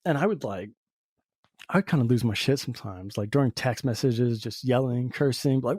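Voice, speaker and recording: A man's voice: medium pitch, expressive, moderate pace, a little mellow, breathy edge, no echo, studio quality. A man hosting a podcast, talking through a personal reflective monologue in a rambling way, full of "you know" fillers. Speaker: podcast host. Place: lives in Southern Oregon.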